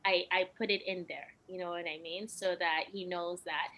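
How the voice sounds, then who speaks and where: A woman's voice: fairly low pitch, fairly even intonation, normal speed, sharp tone, low-quality recording. A young woman and podcast guest telling personal stories in casual chat, emotional and laughing often.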